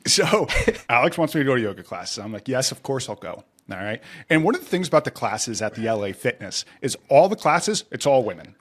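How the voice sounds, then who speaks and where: A man guesting on a podcast, telling a self-mocking story in a casual, animated way. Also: medium pitch, brisk, few pauses.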